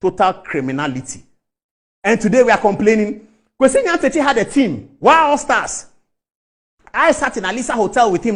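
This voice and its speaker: A man's voice: sits high, big pitch swings, normal speed. A middle-aged man with a Ghanaian English accent gives a fiery, rhetorical speech about football, repeating phrases for emphasis. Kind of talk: impassioned public speech.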